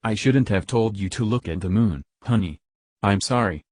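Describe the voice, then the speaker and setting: A man reading the lines of a tearful, dazed young wife in a soft, pleading way. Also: lowish voice, moderate pace, dry recording, studio quality, natural voice. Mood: apologetic.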